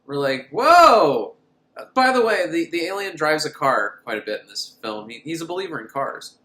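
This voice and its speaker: A man's voice: a little high, expressive, brisk, pushed and bright. A man giving a rambling, comic movie recap, laughing often as he goes. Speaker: film reviewer. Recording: roomy room echo.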